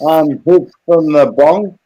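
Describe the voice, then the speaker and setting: A man's voice: a little high, slow, muffled recording. An Australian man in his late forties hosting a casual stream chat, laid-back and swearing freely. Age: 40s. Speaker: host of a live music stream.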